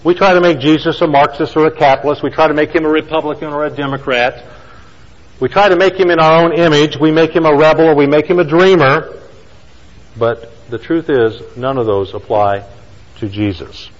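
A man preaching a sermon, telling a story with emphatic lines and slow, quiet stresses. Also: a little high, in a large hall, lo-fi sound. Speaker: pastor.

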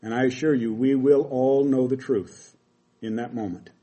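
A man's voice: mid-range voice, fairly even intonation, normal speed, dark tone, lo-fi sound. A middle-aged man preaching a sermon, reading scripture aloud and explaining it with emphatic quoted lines.

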